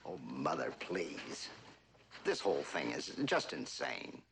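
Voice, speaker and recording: An actor playing an exasperated grown son in a 1960s TV drama, pleading and fretful. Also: male voice, a bass voice, big pitch swings, slow, gravelly, fairly bright tone, slight background noise, heavily acted.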